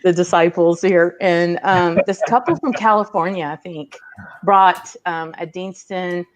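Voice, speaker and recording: A woman's voice: on the low side, unhurried. A woman chatting casually and telling a story to friends, with frequent fillers and laughs. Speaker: guest on a live video hangout. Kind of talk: casual chat.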